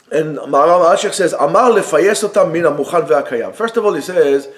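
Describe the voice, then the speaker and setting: A man with a fairly high voice teaching a Torah class. He talks in a lively way, acts out the text's dialogue, and moves between Hebrew quotes and plain explanation. He is recorded indoors in a yeshiva study room. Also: normal speed.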